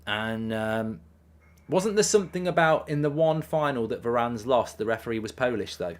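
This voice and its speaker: A man with an expressive, medium-pitched voice talks at normal speed on his watchalong live stream while hiccuping. He keeps it chatty and casual, reading chat messages aloud and saying "um" a lot.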